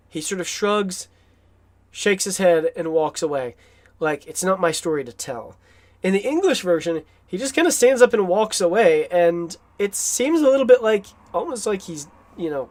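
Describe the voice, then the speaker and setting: A man giving an enthusiastic, rambling film commentary, with asides and chuckles. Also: high-pitched.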